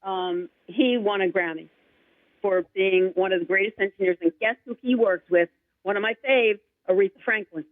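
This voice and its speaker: In a casual interview, a singer-songwriter with a mid-range voice talks at normal speed, excitedly hopping between ideas. The sound is thin and phone-like, dry and close-up, with no room sound at all.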